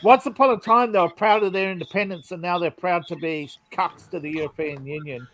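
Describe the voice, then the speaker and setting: A man's voice: high-pitched, fairly quick, a bit bright. A man giving wry, opinionated remarks in a casual podcast chat.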